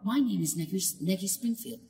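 A timid nine-year-old British schoolboy-teacher from an anime, as a man puts on the voice, speaking simply in a breathy, childlike whisper. The voice sits well above a grown man's usual range. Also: high voice, expressive, fairly quick, mellow, voice pushed up. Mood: gentle, polite.

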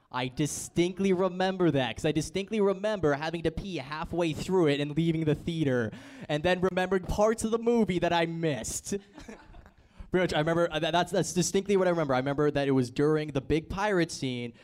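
A man's voice: a little high, darkish tone. A man hosting a casual group chat, quizzing his guests and laughing often. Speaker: podcast host.

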